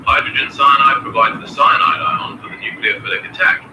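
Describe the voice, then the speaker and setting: A man's voice: medium pitch, huge pitch swings, a little fast, roomy sound, background noise. Polite synthetic male tutor voice, distant. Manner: polite, formal, apologetic. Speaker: AI chemistry tutor. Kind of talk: quizzing a student.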